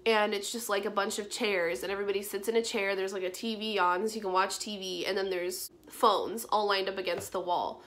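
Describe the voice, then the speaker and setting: A woman's voice: medium pitch, steady tone, brisk, few pauses, fairly bright tone. A young woman vlogger telling a personal storytime casually, chatty, full of "like" and casual swearing. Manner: chatty, frequent "like", swears casually, emotional retelling.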